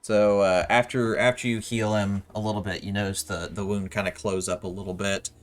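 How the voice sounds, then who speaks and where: A man's voice: lowish voice, level tone, a little fast. A man narrating as game master of a tabletop game, loose and hesitant, full of fillers. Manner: loose and hesitant, full of "kinda" and "you know".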